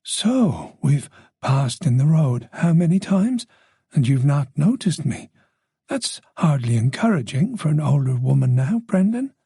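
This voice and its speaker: A man's voice: a little high, very animated, mellow, husky, no echo, clean studio sound, heavily acted. A man voicing a chatty, observant older woman with a faint Dublin accent, teasing and talking on in an audiobook. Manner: gossipy, teasing, talks on quickly.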